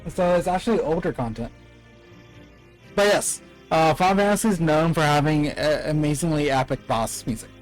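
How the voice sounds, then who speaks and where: Male streamer, fairly high voice, chatty explainer, faint game music behind. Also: normal speed. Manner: chatty, explains to chat, reads cutscene lines aloud. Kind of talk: casual game commentary.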